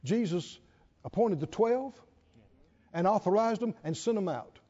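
Preacher guy, high pitched and bouncy, laughing as he preaches to the church. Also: unhurried. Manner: animated, laughing preacher with call-and-response. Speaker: pastor. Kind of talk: sermon. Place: large church hall with congregation. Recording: dull lo-fi hall recording.

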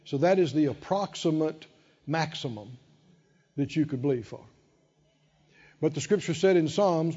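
A man's voice: a little high, animated, unhurried, pauses often, mellow, breathy edge, big-room sound, lo-fi sound. A man preaching a sermon, emphatic and calling out to the congregation. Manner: emphatic, call-and-response preaching.

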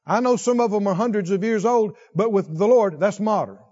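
A man's voice: a little mellow, highs cut off. A man preaching a sermon, reading scripture and questioning his congregation as he goes. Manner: slow, questions the congregation, rises in pitch when stressing points.

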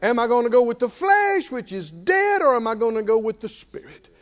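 A male preacher delivering a sermon, exhorting his listeners and breaking into shouted laughter. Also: very high voice, sing-song, fairly quick, lo-fi sound.

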